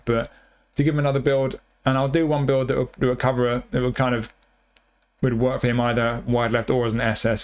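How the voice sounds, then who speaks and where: A man casually talking through a video game review, thinking aloud as he goes. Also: medium pitch. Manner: thinking aloud, chatty with restarts. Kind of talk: casual gameplay commentary.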